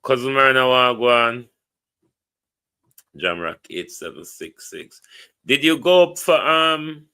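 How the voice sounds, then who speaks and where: A man with a Jamaican accent hosts a casual live stream over a phone or computer mic, greeting viewers by name, reading out a contact number and chatting loosely. His mid-range voice is expressive, bright, forceful and smooth, and he takes it slowly with long pauses.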